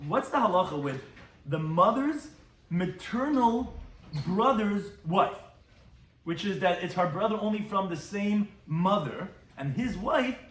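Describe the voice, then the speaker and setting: A man's voice: on the high side, a bit bright, echoey room, distant mic. A man, a rabbi, giving a Talmud lecture and translating Hebrew and Aramaic terms as he goes. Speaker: rabbi teaching a daily Talmud class.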